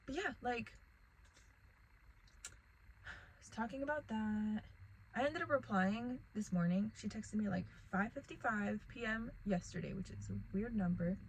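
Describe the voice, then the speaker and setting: A woman's voice: medium pitch, a little slow, pauses often, a little hiss or hum, poor audio. A young woman telling a rambling casual storytime vlog to the camera, packed with "like" and fillers. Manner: rambling, filler-heavy, lots of "like".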